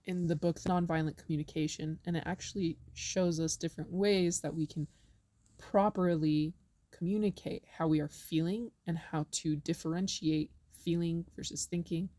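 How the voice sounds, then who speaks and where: A woman's voice: low-pitched, fairly even intonation, moderate pace, warm tone, no echo. A young woman giving casual spiritual advice, chatty and earnest, who acts out inner voices with big swings in tone. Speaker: spiritual wellness vlogger.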